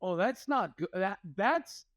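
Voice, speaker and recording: A man co-hosting a podcast, reacting to a story with expressive interjections. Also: high voice, slow, no room sound, clean studio sound. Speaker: podcast co-host. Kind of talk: casual chat.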